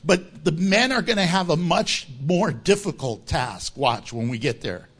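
A man preaches with bright energy, his voice sitting high for a man. He swings widely in pitch as he teaches. He slips in jokes and laughs along. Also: measured pace, slightly rough. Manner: animated, joking preaching with laughter. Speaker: pastor. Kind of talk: sermon.

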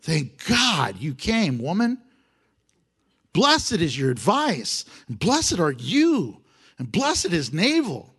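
A man's voice: fairly high pitch, huge pitch swings, takes it slowly, fairly bright tone, breathy edge, heavily acted. A preacher playing a relieved King David. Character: King David snapping out of his rage, a grateful man.

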